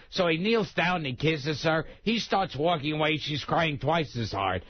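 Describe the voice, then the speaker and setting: A man's voice: fairly high pitch, expressive, moderate pace, few pauses, muffled recording. A man, a comedian, telling dirty jokes on a radio show and laughing as he goes. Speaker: comedian guest. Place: radio studio.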